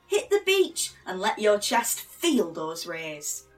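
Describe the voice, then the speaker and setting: A woman's voice: medium pitch, big pitch swings, takes it slowly, distant mic, faint music behind. A woman with a Northern English accent doing blooper takes of a mock advert read, giggling between lines. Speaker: voice actor.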